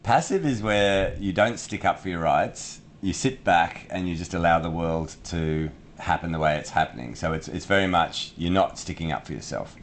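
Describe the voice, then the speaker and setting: A man's voice: sits low, normal speed, hardly any pauses, a little hiss or hum. A man co-hosting a podcast, explaining ideas in casual chat with everyday examples and frequent restarts. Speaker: podcast co-host.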